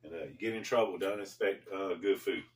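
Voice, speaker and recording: A man hosting a casual storytelling vlog, talking in a laid-back, slangy way with pauses. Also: low voice, background noise. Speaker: storyteller host. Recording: echoey room, mic far off.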